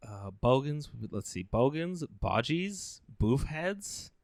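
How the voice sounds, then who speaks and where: A man in his thirties co-hosting a comedy podcast, low-key and dry, teasing quietly and reading things aloud. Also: big pitch swings, slow pace, no echo. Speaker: podcast co-host. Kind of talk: casual comedy chat.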